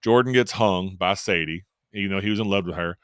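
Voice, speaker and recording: A man's voice: deep voice, brisk, fairly bright tone, clear, resonant tone, dry recording, studio quality. A man co-hosting a podcast, rambling through a casual recap with amused laughs. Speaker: podcast co-host. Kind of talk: casual chat recapping a horror film.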